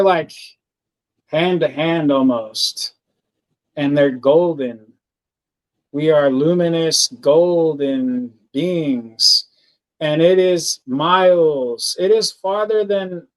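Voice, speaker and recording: A man speaking slowly and earnestly, his voice sitting a little high for a man. He tells a personal story as a podcast guest, halting often, restarting his sentences and filling gaps with words like "like". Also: rough recording. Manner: slow, halting, earnest, with many fillers and restarts.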